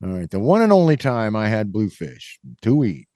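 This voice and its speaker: Rambling middle-aged host, dry sound. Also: male voice, lowish voice, very animated, moderate pace, warm tone, no room sound. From Kansas, US. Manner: rambling, full of fillers, acts out the people in his stories. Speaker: podcast host. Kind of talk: casual storytelling.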